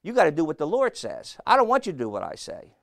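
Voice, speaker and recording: Blunt, gravelly-voiced preacher man. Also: on the high side, huge pitch swings, fast, dry recording, studio quality. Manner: blunt, folksy, asks the congregation questions. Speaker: pastor. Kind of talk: sermon.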